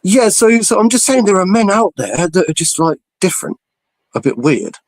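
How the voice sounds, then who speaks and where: A man's voice: sing-song, normal speed, dry recording, low-quality recording. A man on a casual podcast panel, telling long rambling stories full of restarts. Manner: rambling storyteller, full of restarts, jumps high when imitating others.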